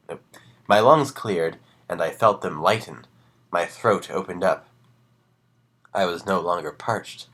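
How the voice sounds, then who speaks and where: A man reading horror stories aloud on a live stream, breaking off for casual asides and dropping to a hushed voice on the ominous lines. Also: sits low.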